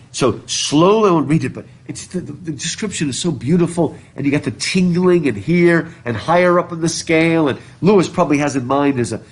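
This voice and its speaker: This husky male college professor speaks in a mid-range voice while lecturing through a mask. He's chatty and digressive, reads passages aloud and asks the class questions, all picked up by a recording device in the classroom.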